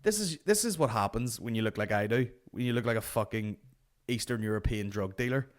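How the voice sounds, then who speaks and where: A man's voice: lowish voice, a little fast. Sweary man ranting comically. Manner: sweary, animated, exasperated. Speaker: podcast host. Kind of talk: comic storytelling rant.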